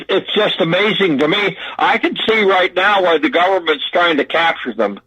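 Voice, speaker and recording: Older male guest on a muffled phone line, slightly high voice, halting, repeats himself. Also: a bit bright, slightly rough. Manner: halting, repeats words, drawling. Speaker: guest recounting an encounter. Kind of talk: casual storytelling.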